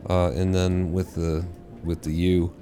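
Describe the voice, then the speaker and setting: A man's voice: deep voice, little pitch movement, unhurried, mellow, soft background music. A man streaming a game, rambling and swearing casually to himself as he plays. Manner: rambling, profane, mumbling to himself. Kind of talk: casual live-stream gameplay chatter.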